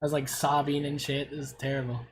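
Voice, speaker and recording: A man's voice: medium pitch, flat delivery, fast, slight background noise. A middle-aged man on a casual livestream, gushing and swearing as he reviews player builds.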